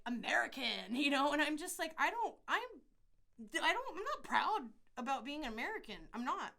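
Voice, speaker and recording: A middle-aged woman from California talks through a podcast monologue in a blunt, profane, rambling way. Her voice sits a little high, and she often restarts her sentences. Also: pushed and bright. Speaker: podcast host. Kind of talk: casual monologue.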